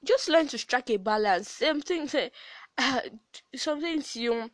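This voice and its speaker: A woman's voice: sits high, animated, measured pace, no echo. A young woman hosting a casual podcast, giving advice in a chatty way with restarts and laughs. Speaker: podcast host.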